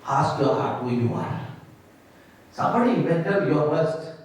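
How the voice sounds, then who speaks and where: A man's voice: on the high side, animated, moderate pace. A man preaching a sermon as pastor, emphatic, repeating phrases and asking rhetorical questions. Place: church hall. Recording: echoey hall, mic at a distance.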